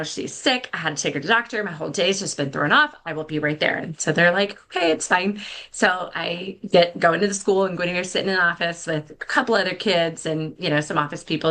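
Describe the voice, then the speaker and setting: A woman's voice: fairly low pitch, fairly bright tone. A middle-aged woman telling a candid, self-deprecating story as a podcast guest, with many fillers and restarts. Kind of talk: casual storytelling.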